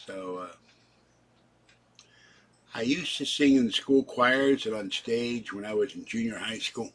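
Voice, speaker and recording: A man in his seventies chats away on a live stream, drifting from one story to another as he talks to his viewers. His voice is husky and breathy, pitched in an ordinary middle range. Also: unhurried. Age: 70s. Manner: rambling, wandering from topic to topic; chatty, talks straight to viewers. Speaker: channel host. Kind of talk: casual live-stream chat.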